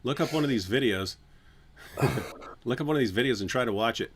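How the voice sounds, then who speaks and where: A man's voice: medium pitch, fairly quick, slight background noise. A man hosting a livestream in casual chat, joking and teasing his co-host. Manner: joking, teasing, breaks into mock singing.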